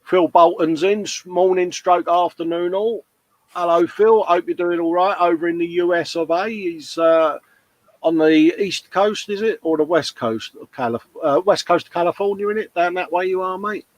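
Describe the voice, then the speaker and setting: A man's voice: sits high, moderate pace, no echo, rough recording. A man co-hosting a hobby livestream, casually chatting and reading out viewer comments, calling everyone mate. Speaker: livestream co-host.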